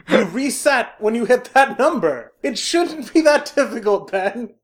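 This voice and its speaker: A woman co-hosting a podcast in casual chat, animated and quick to laugh. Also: fairly high pitch. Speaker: podcast co-host.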